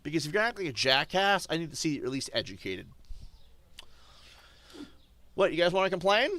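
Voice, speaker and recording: A male streamer ranting defiantly to his chat, swinging between loud outbursts and low muttering. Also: sing-song, fast, long pauses. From German. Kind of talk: casual stream rant.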